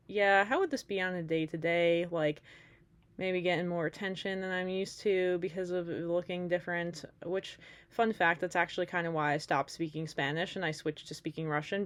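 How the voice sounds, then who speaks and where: A woman in her late twenties chatting casually to camera as a vlogger. She rambles, with many fillers and asides. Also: lowish voice. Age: late 20s.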